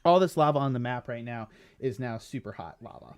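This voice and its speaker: A man's voice: mid-range voice, fairly quick, clear, resonant tone. A man running a tabletop game as game master, narrating with frequent fillers and self-corrections.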